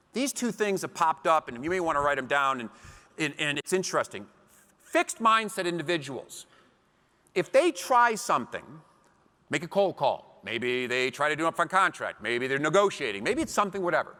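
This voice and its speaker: A man giving a seminar talk to a live audience, telling animated stories with acted quotes. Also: fairly high pitch, normal speed. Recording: long hall reverb.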